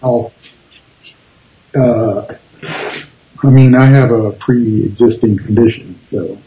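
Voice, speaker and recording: A man's voice: medium pitch, steady tone, slow pace. A laid-back, teasing man in casual chat, on a dull lo-fi recording. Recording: dull lo-fi sound.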